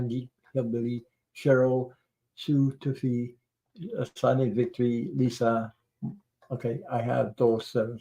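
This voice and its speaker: Middle-aged guy doing a tarot livestream, rambly and laughy, mellow low-key voice, curses here and there. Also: rough recording. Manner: rambling, laughs often, swears casually. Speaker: tarot reader and livestream host. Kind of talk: casual livestream chat.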